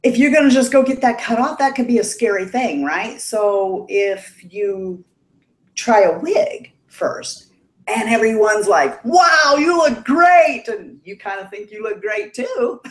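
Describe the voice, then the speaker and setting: A middle-aged woman chats casually on a livestream, telling stories with frequent laughs and lively quoted voices. Her voice sits at an everyday pitch, and the room adds a noticeable echo. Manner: chatty, laughs often, animated quoting. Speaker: guest on a livestream. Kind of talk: casual storytelling chat.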